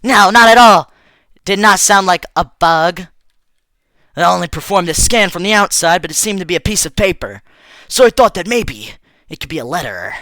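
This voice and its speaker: A man voicing a polite, formal robot helper in a calm, measured way, dubbing a game. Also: high-pitched, no room sound, clean studio sound, full character voice. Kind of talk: let's play voice dubbing.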